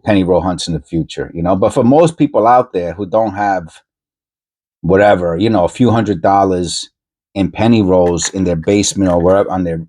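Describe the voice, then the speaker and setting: A man hosting his own coin hunting video, talking casually and rambling as he goes, often repeating himself and correcting himself mid-sentence with excited asides. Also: low-pitched, breathy edge. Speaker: coin roll hunting channel host. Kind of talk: casual chat while searching coins.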